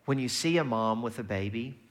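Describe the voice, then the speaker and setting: A man preaching a sermon in a conversational, lively way, often slipping into quoted voices. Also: mid-range voice, fairly quick. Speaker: pastor.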